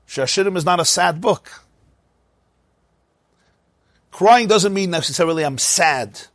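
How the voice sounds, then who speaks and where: A middle-aged man giving a Torah lecture, animated, often asking rhetorical questions and repeating words as he explains. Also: high-pitched, measured pace, no echo, clean studio sound. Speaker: teacher of Torah.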